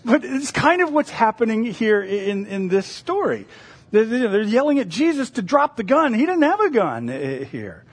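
Man, middle-aged, pastor preaching, husky, slightly high-pitched, lively storytelling. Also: moderate pace. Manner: animated storytelling, acting out voices. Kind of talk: sermon.

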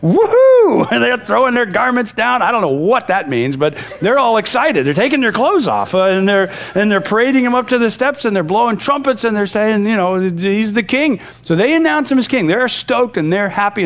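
A male pastor teaching a Bible passage verse by verse, in a conversational manner that retells the scenes in lively paraphrase. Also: high-pitched, brisk, hardly any pauses.

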